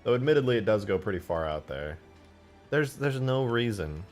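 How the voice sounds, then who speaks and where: Low-voiced man streaming game modding. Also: lively intonation, moderate pace, soft background music. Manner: loose and profane, answering chat questions. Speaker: game modder streaming live. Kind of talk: casual livestream chat while modding.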